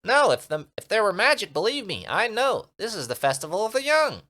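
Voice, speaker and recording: A man voicing a tiny, excitable male creature in a gamebook, speaking high and quick. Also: full character voice. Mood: chirpy. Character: tiny chirpy male Minimite creature, impatient.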